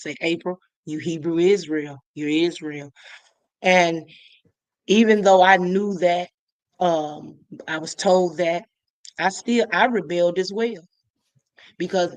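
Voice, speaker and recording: Halting woman from Illinois, dry sound. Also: lowish voice, no room sound. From Illinois, USA. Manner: halting, many fillers and restarts. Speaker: guest. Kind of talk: personal testimony, casual.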